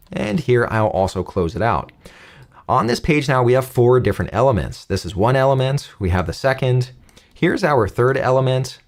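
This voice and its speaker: A man giving a calm, step-by-step screen-recorded coding tutorial. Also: mid-range voice. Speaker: coding instructor.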